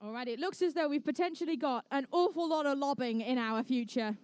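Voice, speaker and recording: High-voiced playful woman commentator. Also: a little fast, darkish tone, no echo. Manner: playful, jokey, chatty with teams. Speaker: event emcee and commentator. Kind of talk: live competition commentary. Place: indoor conference venue.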